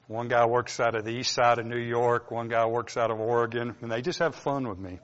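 A man with a North Georgia accent preaching a relaxed, conversational sermon with folksy asides. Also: mid-range voice, brisk. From Southern US. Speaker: pastor. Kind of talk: informal sermon. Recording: dull lo-fi sound with long hall reverb.

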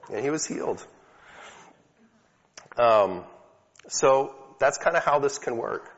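A man with a medium-pitched, fairly bright voice gives a conversational teaching talk on healing prayer to a live audience in a hall. He is animated but slow-paced, telling stories casually with fillers, and the recording is dull and lo-fi with hall echo.

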